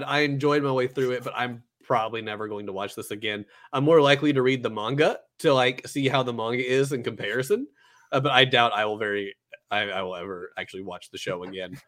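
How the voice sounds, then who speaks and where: A young man co-hosting a casual anime review podcast, relaxed and rambling with lots of fillers. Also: mid-range voice, brisk.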